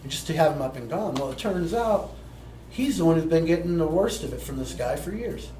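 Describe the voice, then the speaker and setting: A man in his forties tells a story to a gathered group. His voice sits a little high for a man, and he talks casually, tossing in tag questions. The sound is roomy and echoey, with faint ambience behind it. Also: lively intonation, a little fast, warm tone, slight background noise. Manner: conversational, peppered with tag questions. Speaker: plant medicine teacher. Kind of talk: storytelling talk to a live group.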